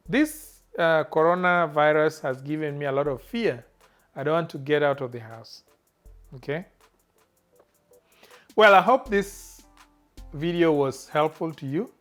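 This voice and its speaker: A man teaching a language lesson, saying each phrase slowly and repeating it clearly. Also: fairly high pitch, a bit bright, soft background music. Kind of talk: slow spoken language lesson.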